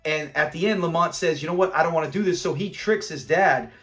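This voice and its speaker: A man's voice: fairly high pitch, brisk, a bit bright, soft background music. A man hosting a casual episode review, animatedly retelling scenes and acting out characters' lines. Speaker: host of a sitcom review channel.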